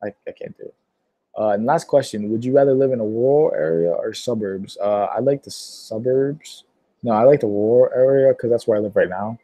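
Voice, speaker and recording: A man of about nineteen answering viewer questions on a casual livestream, rambling and filling pauses with lots of "uh"s. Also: medium pitch, dark tone, no echo. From Pittsburgh, Pennsylvania. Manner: rambling, filler-heavy, many "uh"s.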